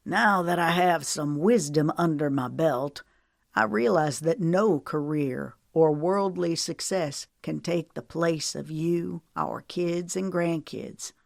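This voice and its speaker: A woman's voice: sits low, slow, gravelly, no room sound, studio quality, exaggerated voice. A woman voicing an older, remorseful husband who turns earnest and drawling in an audiobook romance.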